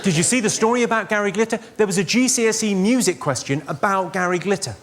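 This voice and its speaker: A man doing stand-up comedy on stage, firing off deadpan one-liners and teasing audience members in a large theatre. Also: high voice, quick pace, hardly any pauses. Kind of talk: stand-up comedy roast with crowd work. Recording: loud laughing crowd, live noise.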